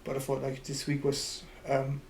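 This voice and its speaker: A man co-hosts a casual podcast and tells his story in a relaxed, halting way. His voice stays flat and even, and the room echoes noticeably. A faint noise hums behind him. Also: medium pitch, vocal fry. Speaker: podcast co-host. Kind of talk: casual chat.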